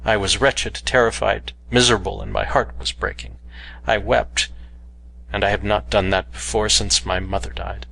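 Man doing a loving young cave woman, quiet, whispery, gentle, bright voice. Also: on the low side, flat delivery, moderate pace, vocal fry, slight background noise. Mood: tender. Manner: soft and quiet, at times whispering.

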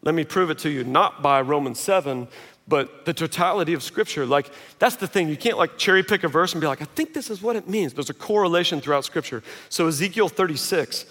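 Male pastor, high-pitched, casual and joking from the pulpit, recorded in a big reverberant auditorium. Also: brisk. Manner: conversational, self-mocking, animated quoting. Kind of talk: sermon. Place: large auditorium. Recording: long reverb of a large hall.

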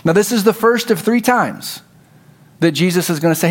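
A male pastor preaching a sermon, telling the story and acting out its dialogue, dropping to a low hush for emphasis. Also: expressive, normal speed.

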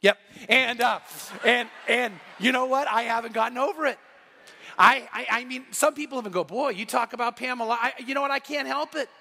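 A man's voice: extremely high pitch, steady tone, brisk, pushed and bright. A man in his sixties preaching a passionate sermon, emphatic and repeating phrases for emphasis. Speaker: pastor. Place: church sanctuary. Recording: long hall reverb.

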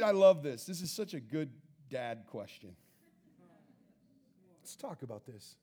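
A man preaching a sermon, reading scripture and acting out the characters, with laughter and sudden loud bursts. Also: medium pitch, unhurried, long pauses, husky. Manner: animated, acts out the scripture with shouts and laughter. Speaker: pastor.

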